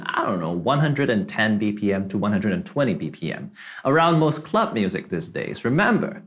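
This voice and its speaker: A man's voice: mid-range voice, a bit bright. A man from Malaysia teaching a drum tutorial, explaining step by step, counting beats aloud and checking in with "right?" and "okay?".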